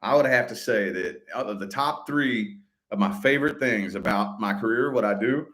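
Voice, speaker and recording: A middle-aged man telling a story to his viewers in a casual vlog, swearing freely and getting animated when he quotes other people. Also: on the low side, moderate pace. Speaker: vlogger.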